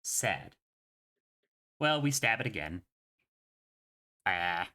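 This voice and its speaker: Bright-voiced, wry male player. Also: deep voice, sing-song, extremely slow. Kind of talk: casual tabletop play.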